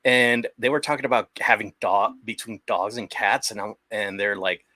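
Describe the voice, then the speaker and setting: A man's voice: fairly low pitch, steady tone, normal speed, pushed and bright, no room sound. A young man chatting casually as a guest on a stream, rambling with many restarts and the odd swear. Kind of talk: casual chat.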